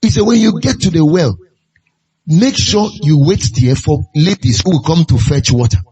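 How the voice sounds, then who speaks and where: A man's voice: a little high, animated, normal speed, dark tone, husky. A man preaching a sermon, pressing his point with repeated rhetorical questions. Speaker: pastor.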